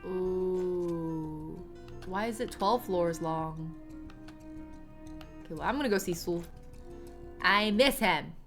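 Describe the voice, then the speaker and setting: A woman's voice: on the low side, measured pace, long pauses, a bit bright. A young woman streaming a game, chatting casually and reading chat aloud between laughs. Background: game music.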